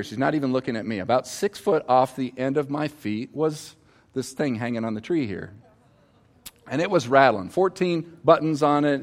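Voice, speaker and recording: A middle-aged man preaches from a stage in a relaxed, conversational way. He speaks to his congregation directly and weaves personal stories into the sermon. His voice sits in an ordinary middle range. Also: mid-range voice. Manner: conversational, asks the audience to respond, tells personal stories. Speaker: pastor.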